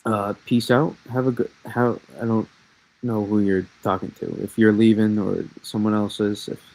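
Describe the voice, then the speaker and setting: On a rough recording, a man speaks at a moderate pace in a lowish, darkish, level voice. Chatty and rambling, he walks through a snowstorm forecast on a live stream, often restarting and stopping to answer questions from viewers in the chat.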